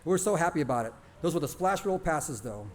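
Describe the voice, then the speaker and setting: A man's voice: a little high, fast talker, slight background noise. A man narrating a first-person childhood story in a plain, conversational way. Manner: lively, plainspoken, conversational retelling.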